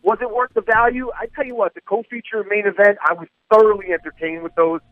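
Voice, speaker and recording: A man co-hosts a radio talk show with easygoing, wry commentary. His voice sits fairly high and sounds dry and close to the mic. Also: fairly even intonation, quick pace, dry recording, phone-quality sound.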